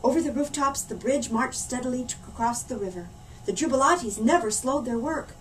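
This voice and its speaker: A woman librarian reading a storybook aloud to children, expressive and animated. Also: high voice, moderate pace. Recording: distant mic, faint room hum.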